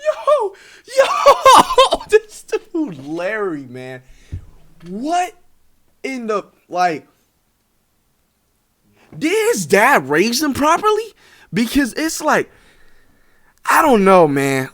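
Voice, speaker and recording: Hyped young dude rambling thru a reaction vid, bit high voice. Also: male voice, dry recording, clean studio sound. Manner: excitable, rambling, lots of fillers. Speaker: reaction video host. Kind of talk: casual reaction commentary.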